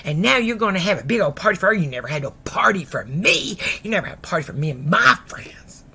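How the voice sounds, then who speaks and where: A woman's voice: lowish voice, big pitch swings, quick pace, gravelly, pushed and bright, breathy edge, exaggerated voice. Woman playing a jealous resentful daughter. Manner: whiny, indignant complaining.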